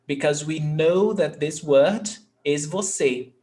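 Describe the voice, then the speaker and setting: This male teacher of Portuguese, a native Portuguese speaker, runs a live English-language lesson and patiently repeats every word for learners. He speaks at a fairly high pitch and a little slowly.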